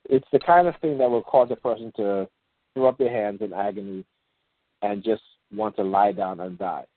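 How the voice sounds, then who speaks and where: A man with a fairly low voice talks over a tinny, dry phone line, rambling and restarting as he explains, with plenty of fillers. When he reads example passages aloud, he slows into a measured delivery. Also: no room sound. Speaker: call-in show host. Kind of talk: casual talk on a phone call-in show.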